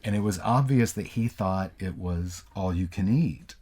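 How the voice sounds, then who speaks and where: A middle-aged man from the United States in a casual educational chat, explaining English usage in a relaxed, halting way with many fillers and restarts. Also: low-pitched, husky. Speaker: co-host, English teacher.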